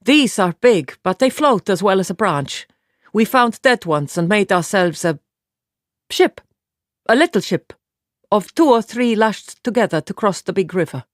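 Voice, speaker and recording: A woman performs a blunt young warrior woman in an audiobook, speaking in a raised, plain, measured, matter-of-fact way. Her medium-pitched voice, lively in intonation, sits above her own register but stays close to everyday speech, recorded cleanly in a studio with no room sound.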